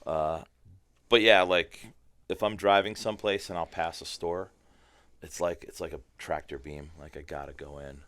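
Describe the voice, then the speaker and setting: A man chatting as a firearms trainer guest on a podcast, telling animated, profane stories. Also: low-pitched, moderate pace, no room sound. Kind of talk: casual podcast chat.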